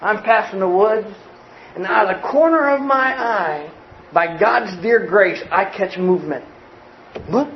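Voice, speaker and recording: A man from the United States preaching a sermon, telling a childhood story with lively shouts and acted-out voices. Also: sits high, measured pace, echoey room, muffled recording, a little hiss or hum. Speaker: pastor.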